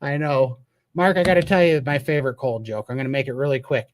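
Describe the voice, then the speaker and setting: A man's voice: mid-range voice, quick pace. A man from Montana hosting a live Q&A, talking in an earnest and emphatic way. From Montana, USA. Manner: earnest and emphatic, with a storytelling streak. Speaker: host. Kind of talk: live Q&A chat.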